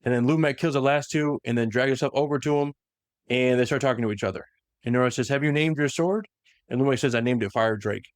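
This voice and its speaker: Casual podcast host, male, mid-pitched, retells plot with quick voiced quotes; dry close recording. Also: dry recording. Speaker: podcast host recapping lore. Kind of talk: casual lore recap chat.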